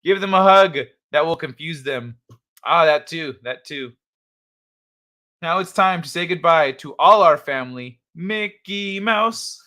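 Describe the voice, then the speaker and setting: A man with a somewhat high, sharp-toned voice hosts a casual late-night livestream, speaking a little slowly. He's laid-back, chuckling as he reads the chat aloud.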